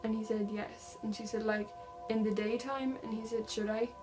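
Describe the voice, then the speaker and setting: A woman's voice: fairly high pitch, fairly even intonation, normal speed, a little mellow, soft background music, rough recording. A young woman vlogger casually retelling a true-crime story, reading text messages aloud with lots of "like" fillers.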